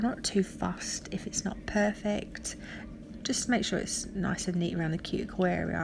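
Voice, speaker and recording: A woman narrating her nail tutorial in a relaxed, rambling way with a sleepy voice and plenty of fillers. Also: medium pitch, a little hiss or hum. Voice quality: sleepy, gravelly voice. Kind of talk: casual voice-over tutorial.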